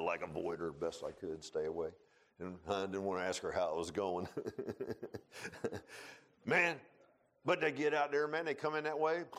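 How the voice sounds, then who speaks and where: A man preaching a folksy sermon, telling stories and building to loud emphatic points. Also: mid-range voice. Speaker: pastor.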